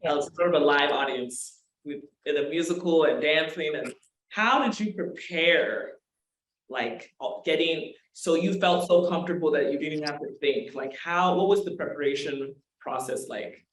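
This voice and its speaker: A man's voice: fairly high pitch, normal speed, a bit bright. Man asking questions in a roomy space. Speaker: interview host. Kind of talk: casual interview questions. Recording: roomy with faint noise.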